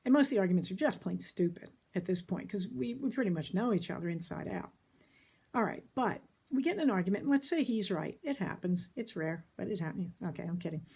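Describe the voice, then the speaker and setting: A middle-aged woman therapist giving a casual, folksy talk about relationships, emphatic and quick to laugh. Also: medium pitch, animated, vocal fry, a little mellow, breathy edge.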